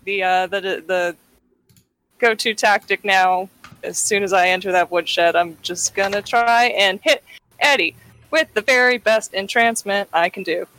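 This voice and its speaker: A woman's voice: medium pitch, measured pace, a bit bright, poor audio. A woman playing a tabletop role-playing game, chatting eagerly about her character's plan. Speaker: player. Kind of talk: tabletop role-play chat.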